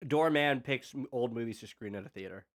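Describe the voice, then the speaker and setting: A man of middle pitch chatting loosely while he plays a strategy game on stream. He rambles through wordplay and reads viewer messages aloud, sometimes between bites of food. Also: brisk. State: eating while talking. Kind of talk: casual joking chat over gameplay.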